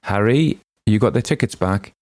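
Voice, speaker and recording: A man doing a brisk, genial village official. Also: on the low side, expressive, dry recording, voice pushed up. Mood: directing. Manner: brisk, businesslike, gently firm.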